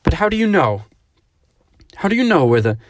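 A frightened woman speaks low and hushed, close to a whisper, as a man reading aloud puts her on. The voice carries a gravelly rasp and sits in a very dry, close sound. She is a storybook figure gripped by dread. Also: steady tone, normal speed, no echo. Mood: distraught. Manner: hushed, near-whispering, then crying out. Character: anxious woman, frightened wife.

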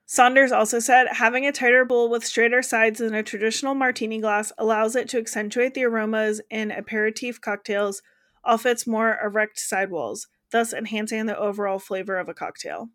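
Casual podcast co-host, American woman, higher voice, laughs easily. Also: fairly even intonation, a little fast, fairly bright tone. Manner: chatty, laughs often, reads quotes aloud.

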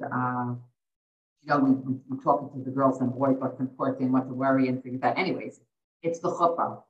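A middle-aged woman and dating coach, telling heartfelt stories in a podcast interview and sprinkling in Yiddish and Hebrew terms. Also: a bass voice. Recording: echoey, distant, dull lo-fi audio.

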